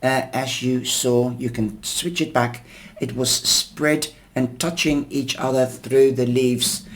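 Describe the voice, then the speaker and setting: Slow, hoarse male tea leaf reader. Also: medium pitch, level tone, a bit bright, a little hiss or hum. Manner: unhurried, explanatory, many pauses and fillers. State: losing his voice, coughing. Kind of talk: slow reading of tea leaves.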